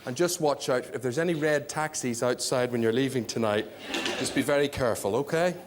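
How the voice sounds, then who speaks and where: Dry, teasing Northern Irish host. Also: male voice, medium pitch, a little fast. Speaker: game show host. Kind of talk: casual address to studio audience. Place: TV studio with audience. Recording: studio with crowd and noise. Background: audience.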